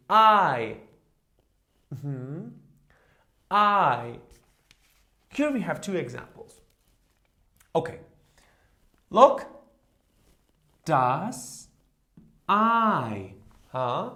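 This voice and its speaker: A man teaches a beginner language lesson at a very unhurried pace, saying each word several times for learners to echo. His pitch rises and falls widely as he stresses sounds, and he keeps checking in with a quick "okay?" or "huh?". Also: bright, forceful tone. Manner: slow drilling with constant "okay?" and "huh?" checks. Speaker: German teacher.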